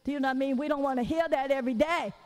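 A woman preacher giving a lively, conversational sermon in church. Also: sits high, very fast, long reverb tail, poor audio. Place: church during a service.

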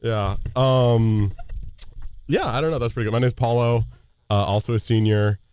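A young man in his twenties from Colorado, a student co-host, teasing with quick asides and laughter. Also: mid-range voice, a little mellow, clean tone, dry recording. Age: 20s. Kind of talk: casual chat.

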